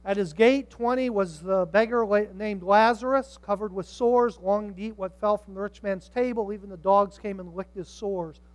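An older man preaching a sermon, swinging from hushed tones to shouts and acting out the people in his stories. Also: sits high, moderate pace, hardly any pauses, poor audio. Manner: dramatic, swings from hushed to shouting, acts out voices.

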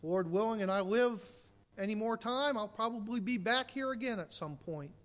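High, bright-voiced preacher. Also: male voice, normal speed. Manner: impassioned, swings from loud emphasis to quiet intensity; direct questions to the congregation. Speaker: pastor. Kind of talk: sermon.

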